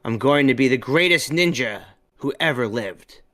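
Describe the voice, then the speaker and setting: A man reading aloud and voicing a defiant young girl thief in a shrill, mocking tone that rises into shouts. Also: lively intonation, normal speed.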